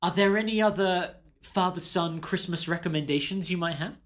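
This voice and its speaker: A man's voice: sits high, normal speed, fairly bright tone. A man co-hosting a casual podcast chat, playful and easily amused. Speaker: podcast co-host.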